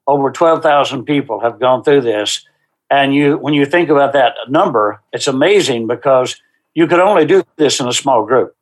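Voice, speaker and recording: A man as a guest in an interview, earnestly describing the small-group workshops he leads, with unhurried, faith-driven conviction. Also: medium pitch. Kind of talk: interview answers.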